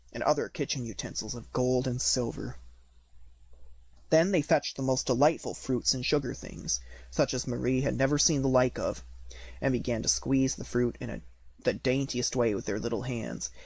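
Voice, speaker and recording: A man narrating an audiobook of a classic fairy tale at a steady, measured pace. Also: medium pitch. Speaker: audiobook reader. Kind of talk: storybook narration.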